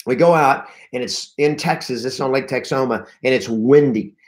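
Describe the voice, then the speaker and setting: Brief: male real estate trainer, mid-pitch, energetic storyteller, acts out panic, restarts words often. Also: moderate pace. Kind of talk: live-streamed coaching talk.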